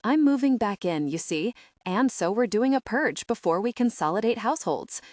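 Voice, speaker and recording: A woman's voice: fairly high pitch, lively intonation, moderate pace, a little mellow, dry recording, clean studio sound, lightly acted. A woman reading an audiobook, voicing a father who keeps a tight, strained politeness under pressure. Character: anxious father trying to stay calm.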